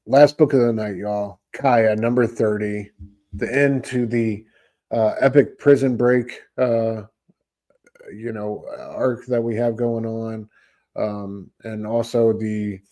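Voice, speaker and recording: A man's voice: lowish voice, warm tone. A man co-hosting a casual comic book podcast, laid-back, saying "dude" and "man" a lot and filling gaps with "um" and "uh.". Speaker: podcast co-host.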